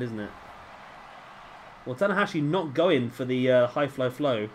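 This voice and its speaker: Excitable man cheering through game commentary. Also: mid-range voice, a little slow, slight background noise. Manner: excitable, cheering the wrestlers on aloud. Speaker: gaming channel host. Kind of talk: let's-play wrestling game commentary.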